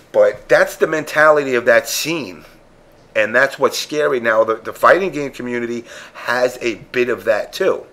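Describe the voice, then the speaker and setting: A man of ordinary pitch chats on a podcast panel. He is blunt and profane, and he acts out the other people's lines as he tells his story. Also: moderate pace, a bit bright. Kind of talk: casual chat storytelling.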